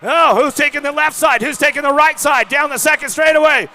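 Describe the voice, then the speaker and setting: High, bright hyped male race announcer. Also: a little fast. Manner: hyped, calls rider lineups by bike number. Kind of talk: live race commentary. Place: outdoor BMX track.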